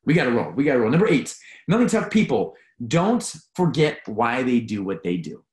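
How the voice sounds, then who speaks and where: Earnest male performance coach, animated delivery, roomy echoey sound. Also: medium pitch, brisk. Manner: earnest, emphatic, repeats key phrases. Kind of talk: motivational talk. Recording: roomy echo.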